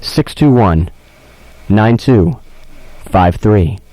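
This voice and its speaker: A man's voice: lowish voice, animated, drawn-out words, mellow, low-quality recording. A man hosting a comedic radio show from a windowless studio on a studio mic, rambling melodramatically and stumbling over his words. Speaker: radio host. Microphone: studio microphone with headphones.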